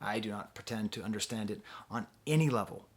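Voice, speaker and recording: A man's voice: lowish voice, fairly quick. A man giving a casual spoken album review, musing and hesitant, often laughing between thoughts. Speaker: music reviewer.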